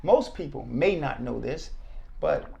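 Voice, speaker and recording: Gravelly-voiced man telling his story. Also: mid-range voice, a little slow. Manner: animated, acts out quotes. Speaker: podcast guest, former state trooper. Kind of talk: casual storytelling.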